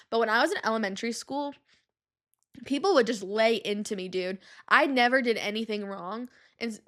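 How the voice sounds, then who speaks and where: Brief: young woman podcast host, bright, forceful tone, slightly high, chatty and slangy. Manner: animated, slangy, with lots of fillers. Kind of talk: casual storytelling monologue.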